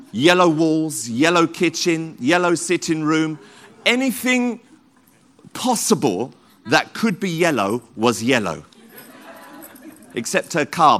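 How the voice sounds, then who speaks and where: A man pastor, preaching fervently in church. His voice sits a little higher than most men's, and he leans on repeated calls of praise as he builds his sermon. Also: fairly bright tone. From London, England.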